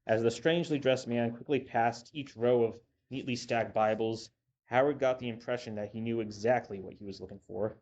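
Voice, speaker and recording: A man reading a story aloud in a steady, measured narration. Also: mid-range voice. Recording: dull lo-fi with faint hiss.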